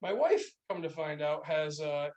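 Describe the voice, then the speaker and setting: A man's voice: on the high side, normal speed, recorded from a distance, poor audio. A man co-hosting a casual podcast, telling rambling stories full of fillers. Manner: animated, rambling storyteller with many fillers. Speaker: podcast co-host. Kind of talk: casual chat. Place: small room, beer podcast.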